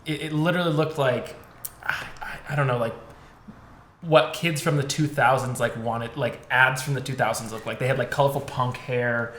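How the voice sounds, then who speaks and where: A man's voice: medium pitch, steady tone, normal speed, fairly bright tone. A young man co-hosting a podcast, chatting casually with lots of filler words and casual swearing. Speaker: podcast co-host. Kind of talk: casual chat. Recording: echoey room with faint noise.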